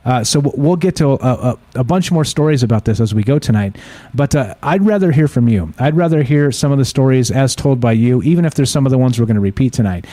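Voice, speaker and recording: A man's voice: mid-range voice, lively intonation, fast, mellow, no room sound. A man hosting a call-in show on UFOs, talking casually with many fillers, restarts and chuckles. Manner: rambling, hesitant, chuckling, full of fillers and restarts. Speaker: radio show host.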